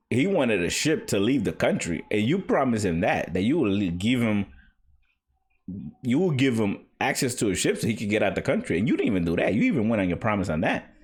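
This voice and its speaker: A man's voice: on the low side, very animated, normal speed, slightly rough. A man casually reviewing manga from his home basement, rambling and opinionated with lots of fillers.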